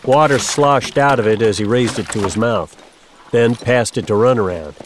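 A man reading a first-person western story aloud, in a steady, even storytelling manner. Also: mid-range voice, moderate pace, slight background noise. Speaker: audiobook narrator. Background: guitar music.

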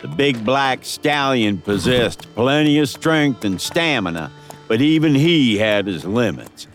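A man narrating a western audiobook in a dramatic, expressive storytelling manner. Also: medium pitch, a little slow, faint music behind.

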